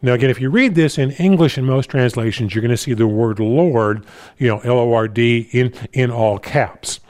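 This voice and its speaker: A man preaching a sermon, stumbling over repeated words and restarts, reading scripture slowly and deliberately. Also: medium pitch, a little mellow. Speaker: pastor.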